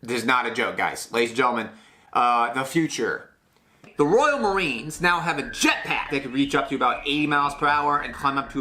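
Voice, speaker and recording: A young man hosting a comedy segment, sarcastic and excitable, swinging from loud to soft in a small studio. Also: medium pitch. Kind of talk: comedic rant. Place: small studio with blue sheet backdrop.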